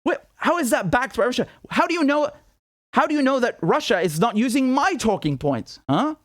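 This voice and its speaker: In a clean studio recording free of echo, a British independent journalist delivers a commentary monologue to camera on his own show. His voice is very high and sing-song, at normal speed. Disbelief and sarcasm color his delivery, with rhetorical questions repeated throughout.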